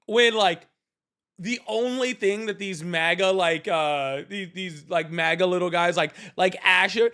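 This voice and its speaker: A man's voice: high-pitched, animated, a little slow, bright, forceful tone. A man hosting a live call-in debate stream, ranting casually in a sarcastic, mocking way and swearing freely. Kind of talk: casual livestream rant.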